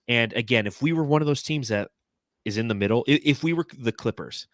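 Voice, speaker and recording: A man's voice: mid-range voice, fairly quick, dry recording, studio quality. A man co-hosting a casual sports podcast, chatting loosely and acting out quotes in his stories. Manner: animated storyteller, acts out quotes. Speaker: podcast co-host.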